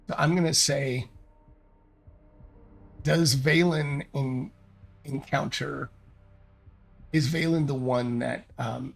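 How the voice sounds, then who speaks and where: A man running a solo tabletop game, narrating and thinking aloud in a halting, hesitant way. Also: medium pitch, gravelly, slightly rough. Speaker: solo game master and player.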